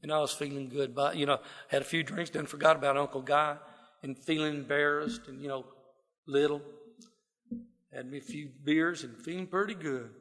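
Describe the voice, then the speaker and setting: A man's voice: on the high side, fairly even intonation, normal speed, a bit bright, in a large hall. A man from South Texas with a Southern drawl, telling his life story in a folksy, rambling way full of fillers. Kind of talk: personal testimony talk. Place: wooden building, to a gathered audience.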